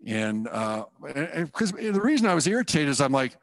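A man giving a personal testimony in church, telling his story in an animated, self-deprecating way and acting out the thoughts he had. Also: on the high side, moderate pace, dry recording. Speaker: guest speaker giving testimony.

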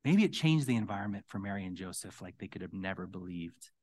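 A middle-aged man preaching a conversational sermon as pastor, his voice going hoarse, rising to emphatic questions. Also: deep voice, animated, fast talker, a little mellow.

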